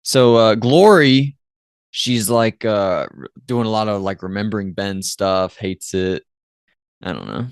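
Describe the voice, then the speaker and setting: A man's voice: lowish voice, measured pace, clean tone, no echo, clean studio sound. Hesitant man recapping a show. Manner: hesitant, trailing off, many fillers. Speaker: podcast co-host. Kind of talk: casual recap chat.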